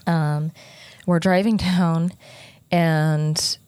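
A woman telling a painful personal story in halting, earnest speech, full of restarts and close to tears. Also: sits low, steady tone, a little mellow, clear, resonant tone, no echo. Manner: halting, with many restarts and fillers.

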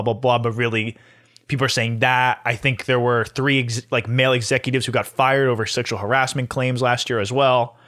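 A man's voice: medium pitch, fairly bright tone, dry recording, studio quality. A man co-hosting a podcast, chatting casually and recapping gossip with lots of filler words and swearing. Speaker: podcast co-host. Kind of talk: casual chat.

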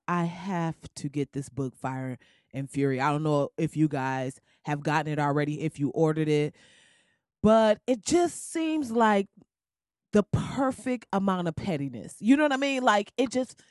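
A woman's voice: sits low, dry recording, studio quality. Laughing, slangy woman podcast host. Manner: loud, laughing, slangy and animated. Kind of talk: casual comedic podcast monologue. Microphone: crackly podcast mic.

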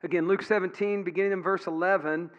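A middle-aged pastor preaches a sermon in a church sanctuary, his voice sitting high with a steady tone and a fast delivery. He tells folksy stories packed with fillers. The recording sounds dull, with a long hall reverb.

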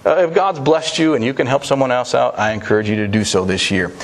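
A pastor with a mid-range voice preaches quickly, telling a story in an easy, conversational manner. His delivery is sprinkled with small restarts and fillers.

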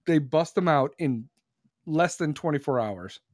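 Fired-up man, fairly high voice. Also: lively intonation, a little slow, a little mellow, dry recording, studio quality. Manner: fired-up rambling rant, many restarts. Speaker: podcast host. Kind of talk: casual podcast chat.

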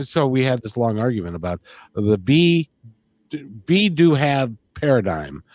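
A man's voice: medium pitch, very animated, measured pace, darkish tone, no echo, studio quality. A man hosting a spiritual conversation, earnest, often repeating words as he thinks. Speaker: podcast host.

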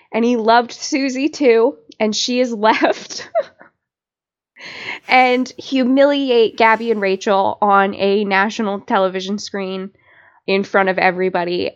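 A woman hosting a podcast, retelling a TV episode in animated, laughing casual chat. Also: mid-range voice, unhurried, muffled recording. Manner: animated storytelling, laughs often. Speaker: podcast host.

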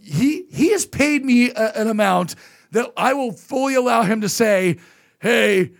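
A man's voice: very high voice, lively intonation, normal speed, creaky. A man, a comedian, telling a rambling story in casual podcast chat, acting out quotes as he goes.

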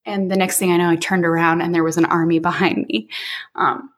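Interview guest, woman in her forties, lowish voice, candid and unpolished with the odd swear. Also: little pitch movement, brisk, fairly bright tone. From Illinois, US. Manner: frank and casual, with mild swearing. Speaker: podcast guest. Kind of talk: candid personal storytelling.

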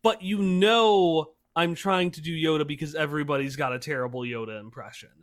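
A man who runs tabletop games, explaining his approach in casual podcast chat with lively energy. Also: a little high, fairly quick. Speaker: tabletop game master.

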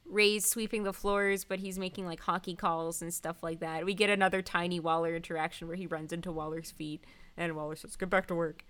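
A woman's voice: lowish voice, flat delivery, brisk, fairly bright tone, clear, resonant tone. A woman co-hosting a podcast, chatting casually through an episode recap, giggling often and acting out the characters' lines. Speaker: podcast co-host.

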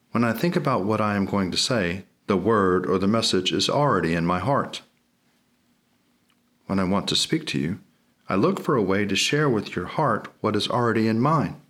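A man with a somewhat low voice reads a sermon aloud. His delivery is solemn and measured, steady and reverent. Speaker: reader. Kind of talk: solemn liturgical reading.

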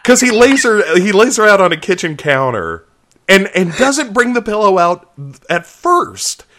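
A man co-hosting a podcast, chatting casually and jokingly about a film, laughing and putting on quick voices for the characters. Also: high-pitched. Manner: animated, laughing, jokey asides and quoted voices. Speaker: podcast co-host. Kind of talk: casual movie review chat.

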